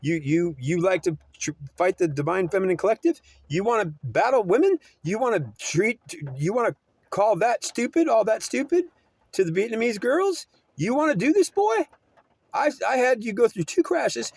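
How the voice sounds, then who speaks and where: A man doing a wrathful male God who taunts and scolds a scared soldier, calling him boy. The voice is pushed well above the man's normal register and rings loud and harsh. The sound is close and dry, with no room around it. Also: high voice, very animated, normal speed, dry recording, voice pushed up, exaggerated voice. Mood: scolding.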